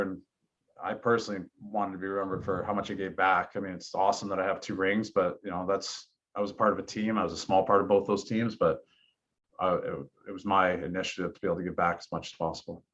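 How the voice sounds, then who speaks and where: A man's voice: deep voice, fairly bright tone. A man speaking as a podcast guest, telling personal stories in an earnest, reflective way. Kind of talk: casual interview talk. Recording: dull lo-fi podcast audio.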